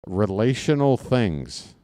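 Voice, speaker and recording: Male play-by-play streamer, lower register, smooth resonant tone, dry close mic, rambling comic asides. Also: big pitch swings, slow, warm tone, dry recording. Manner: rambling, jokey, talks to chat viewers. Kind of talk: casual baseball commentary with chat.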